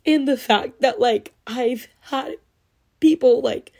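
A woman's voice: fairly high pitch, slow pace, vocal fry, a little mellow. A young woman hosting her own podcast, talking in a casual, gushing way, full of "like", and close to tears. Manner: gushing, heavy use of "like", emotional and teary. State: teary, on the verge of crying. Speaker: podcast host. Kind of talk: casual solo podcast chat.

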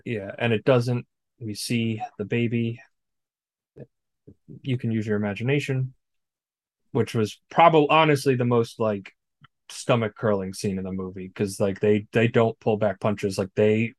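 A man's voice: on the low side, fairly even intonation, measured pace, long pauses, no echo. A man co-hosting a podcast, recapping a film in casual chat, blunt and profane. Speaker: podcast co-host. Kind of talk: casual movie discussion.

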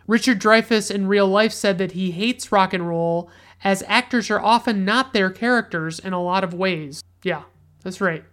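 A woman's voice: medium pitch, fairly bright tone. A woman hosting a podcast, reviewing films in a rambling casual way, swearing freely and filling every gap with "like" and "you know". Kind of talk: casual movie review monologue.

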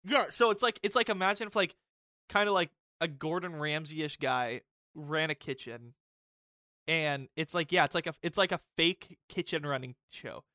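A young man co-hosting a casual podcast, excitable and swearing a lot, breaking into loud mock impressions. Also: on the high side, normal speed, no room sound, studio quality. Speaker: podcast co-host. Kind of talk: casual chat.

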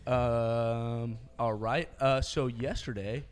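A man's voice: medium pitch, steady tone, slow, soft background music. A young man co-hosting a podcast in casual chat, laid-back and joking, a bit tipsy. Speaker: podcast co-host.

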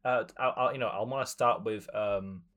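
A man's voice: steady tone, moderate pace, fairly bright tone. A man co-hosting a podcast, chatting casually about films, hesitant and searching for words as he goes. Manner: hesitant, many fillers and restarts, jumps up in pitch. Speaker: podcast co-host. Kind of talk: casual film chat.

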